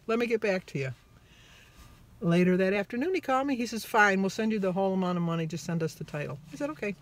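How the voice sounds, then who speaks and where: A woman vlogging her weight-loss diary in a casual, chatty way, an animated storyteller who acts out both sides of conversations, upbeat and self-deprecating. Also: mid-range voice, fast.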